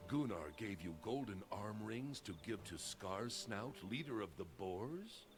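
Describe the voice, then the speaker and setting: Deep, gravelly sly ally. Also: male voice, lively intonation, measured pace, over music. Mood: wry.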